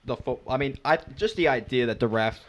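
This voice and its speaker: A young man with a middling voice chats easily with friends, relaxed and given to chuckles and side remarks. Faint hiss and clicks sit in the background. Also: medium pitch, a little fast, muffled recording. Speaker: podcast co-host. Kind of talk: casual chat among friends.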